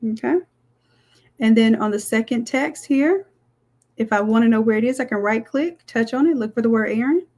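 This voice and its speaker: A woman with a fairly high, darkish voice speaks at normal speed while hosting a live screen-share design tutorial. Her chatty delivery includes "y'all" as she leads viewers through the steps.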